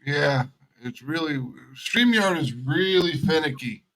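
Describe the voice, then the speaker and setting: A man running an online tabletop game as game master, explaining in a relaxed, conversational way. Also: on the high side, a little slow, poor audio.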